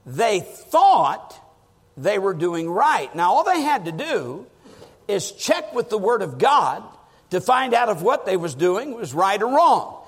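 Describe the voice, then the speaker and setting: A high-voiced man delivers a sermon with wide, lively swings of pitch. He leans hard into stressed words and sinks low for emphasis. His voice rings out with the long reverb of a large hall. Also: unhurried, slightly rough. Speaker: preacher.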